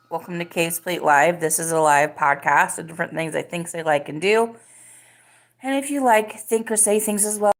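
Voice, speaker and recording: A woman hosting a live podcast, chatting casually and rambling with lots of "like"s. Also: fairly low pitch. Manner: rambling, filler-heavy talk with many "like"s. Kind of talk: casual live-stream chat.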